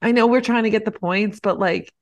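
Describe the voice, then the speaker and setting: A woman in casual podcast chat, talking at a natural middle pitch with gushing enthusiasm. She swears freely and breaks into high indignant squeals now and then. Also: fairly quick. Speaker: podcast co-host. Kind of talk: casual chat about motor racing. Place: home, with a snoring dog nearby.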